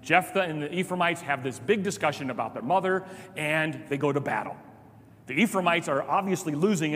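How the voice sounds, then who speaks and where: A man preaching a sermon, retelling a scripture story with lively voices and quiet low asides. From Chicago. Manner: animated storytelling, drops to soft low asides. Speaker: pastor. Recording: reverberant hall.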